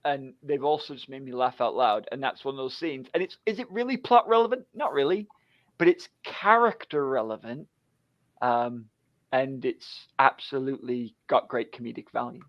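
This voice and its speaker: A man co-hosting a casual book chat, an animated storyteller who laughs a lot and acts out the lines he quotes. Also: medium pitch, moderate pace, dry recording, lo-fi sound. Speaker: book club co-host.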